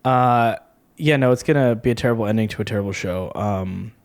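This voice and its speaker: A man co-hosting a casual chat about a TV episode, animated, exasperated and mocking. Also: lowish voice, brisk. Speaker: podcast co-host.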